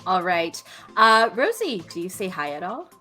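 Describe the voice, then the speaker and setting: A woman narrating as game master, speaking in a quick, direct way. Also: lowish voice, very animated, pushed and bright, soft background music.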